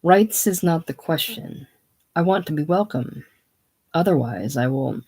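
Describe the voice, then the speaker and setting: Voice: medium pitch, animated, unhurried, darkish tone, husky. A reader voicing Gus, an earnest, apologetic Austrian mechanic with a slight German accent, polite and eager to be welcomed. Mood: grateful. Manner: polite, eager, self-effacing.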